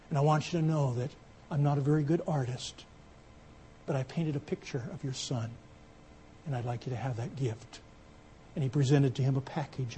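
A man preaching a sermon, telling an illustration story and building it into loud, emphatic appeals. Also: medium pitch, slight background noise.

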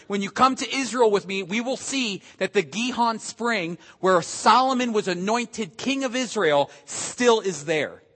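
A man preaches with lively emphasis, his voice sitting high for a male speaker. He acts out little quotes as he builds his points. A long reverb trails behind every phrase, as in a large church. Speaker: pastor. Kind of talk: sermon.

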